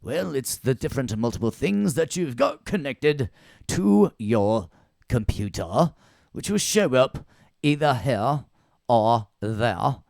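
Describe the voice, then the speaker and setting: A man doing a put-on British accent, playing a pompous lecturer in a stately, drawn-out way. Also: mid-range voice, animated, creaky, a little mellow, dry recording, clean studio sound.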